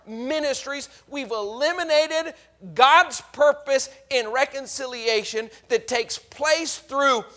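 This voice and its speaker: A male preacher with a very high, bright and forceful voice delivers a sermon. He swings from loud to hushed and acts out the voices he quotes. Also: takes it slowly.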